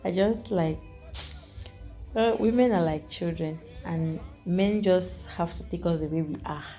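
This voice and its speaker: A woman with a Nigerian accent recounts a story straight to the camera, chatty and animated, circling back with repeats and asides. Her voice sits fairly low with a warm, mellow tone, and soft music plays faintly behind her. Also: a little slow. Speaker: vlogger.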